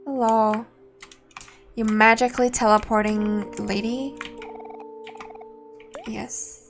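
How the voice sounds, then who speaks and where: Woman streamer, let's-play chat, higher voice, faint game music behind. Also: fairly even intonation, takes it slowly. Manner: chatty, laughs easily, thinks aloud. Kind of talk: casual let's-play commentary.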